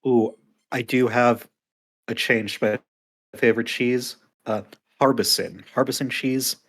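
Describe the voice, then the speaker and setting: A man's voice: medium pitch, fairly even intonation, unhurried, a bit bright. A man introducing himself as a tabletop game player, casual and hesitant with many restarts. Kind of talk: casual chat.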